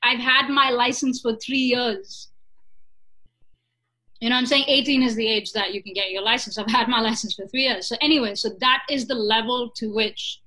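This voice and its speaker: A young woman with a bright, fairly high voice, chatting in a conversation. She tells a story with real energy and keeps checking in with her listener with "right?" and "you know?". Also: moderate pace, poor audio. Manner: animated, asks "right?" and "you know?" often.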